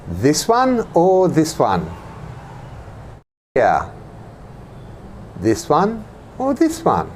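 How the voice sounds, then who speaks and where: Man, phonics teacher, very slow, lively pitch, clear drilling of words. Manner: drills words for repetition, quizzes the listener.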